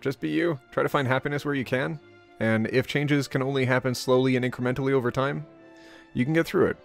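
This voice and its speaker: A man's voice: medium pitch, steady tone, quick pace, gravelly, faint music behind. A young man hosting a casual meme-reaction chat, playful and jokey, laughing often. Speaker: host.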